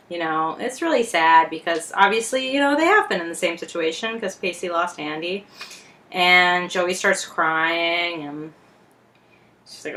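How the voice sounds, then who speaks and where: A young woman co-hosting a podcast retells a TV episode in casual chat, acting out the characters' lines. Her fairly low voice is expressive and sharp in tone, and she speaks a little slowly.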